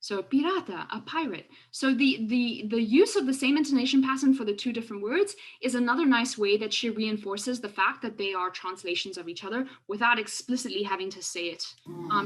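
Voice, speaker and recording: Woman academic, webinar lecture, fairly high voice, hesitant and full of fillers. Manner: halting, frequent fillers and restarts. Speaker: education researcher presenting a webinar. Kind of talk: lecture narrating classroom video clips. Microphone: video call with screen sharing.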